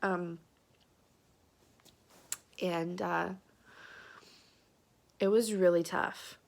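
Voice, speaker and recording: A woman's voice: on the low side, fairly even intonation, drawn-out words, gravelly. A young woman tells a personal story to the camera, close to tears and full of fillers. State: tearful. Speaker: vlogger.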